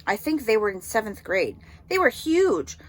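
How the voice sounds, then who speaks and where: Woman doing a calm, easygoing schoolboy. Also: on the high side, moderate pace, voice pushed up. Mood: boastful. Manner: calm, casual.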